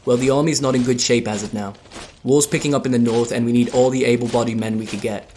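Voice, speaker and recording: A man's voice: mid-range voice, steady tone, fast talker, darkish tone, slight background noise, close to an everyday voice. A man playing a stern, weary army commander. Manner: authoritative, weary, curt. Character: stern middle-aged male army commander.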